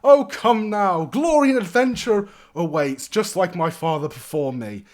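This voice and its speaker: A man doing a high, showy young nobleman. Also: animated, a little slow, darkish tone. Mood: grandiose. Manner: grand, theatrical and upbeat. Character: cheerful young male noble, boastful and naive.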